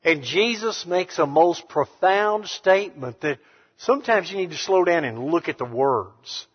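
A man preaching a sermon to a congregation, emphatic, swinging between hushed and loud passages. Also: a little high, animated, unhurried, breathy edge. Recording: reverberant hall, dull sound.

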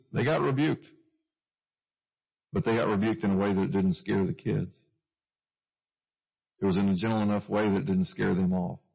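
Male preacher, husky gravelly voice, easygoing sermon, muffled lo-fi recording. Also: on the low side. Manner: conversational, with self-deprecating asides and chuckles.

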